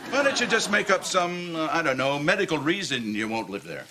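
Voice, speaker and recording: A man's voice: on the high side, very animated, a little fast, background noise. An actor playing a snobbish, sardonic wealthy older father in a sitcom. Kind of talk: sitcom acting.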